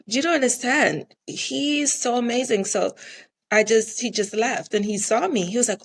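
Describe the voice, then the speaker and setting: A woman's voice: on the high side, measured pace, vocal fry. A middle-aged woman from the Caribbean, a restaurant owner talking in a casual interview, earnest and repeating herself for emphasis.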